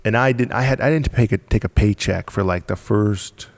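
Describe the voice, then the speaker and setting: Podcast guest, male, gravelly low register, punchy repetitive storyteller, dry close sound. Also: normal speed, no echo. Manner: emphatic, repetitive, punchy storytelling with frequent laughs. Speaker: podcast guest, business founder. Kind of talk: casual storytelling in conversation.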